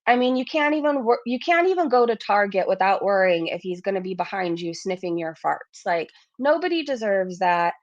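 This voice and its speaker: A woman's voice: medium pitch, expressive, brisk, few pauses, no echo, highs cut off. A woman in her forties hosting a casual livestream. She chats, reads viewer messages aloud and often laughs at herself. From Canada. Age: 40s. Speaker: YouTube livestream host.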